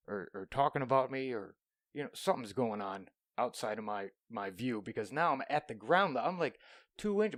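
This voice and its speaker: A man's voice: medium pitch, no room sound. Young male podcast host, solo, profane storyteller who slips into whispers, dry small-room sound. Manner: profane, rambling, drops into whispers.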